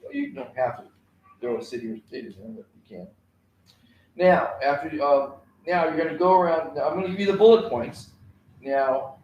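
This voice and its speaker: A man's voice: medium pitch, echoey room, a little hiss or hum, poor audio. A man teaching a kindness class alone on a live stream, rambling with many fillers and repeated words.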